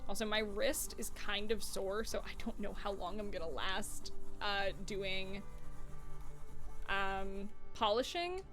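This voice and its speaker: A woman's voice: medium pitch, slow pace, a bit bright, soft background music. A young woman streaming from her home desk, chatting casually while she crafts, playful and swearing freely.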